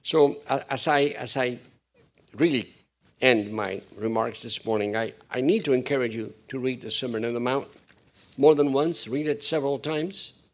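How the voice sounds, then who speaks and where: Male pastor, sermon delivery, animated with emphatic high peaks, playful asides to the congregation. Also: normal speed.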